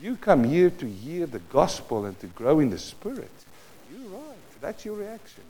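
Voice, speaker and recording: South African pastor preaching with big swings. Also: male voice, a little high, very animated, measured pace, slightly rough. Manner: dynamic preaching, swinging between hushed and loud. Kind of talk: sermon.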